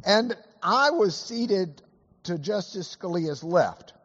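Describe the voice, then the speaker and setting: Casting note: hoarse, husky male teacher, slightly high voice, chatty anecdotal delivery, dull lo-fi hall sound. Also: lively intonation, slow, a bit bright. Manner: chatty anecdotal storyteller with many fillers. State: hoarse from illness. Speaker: Bible class teacher. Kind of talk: storytelling lesson.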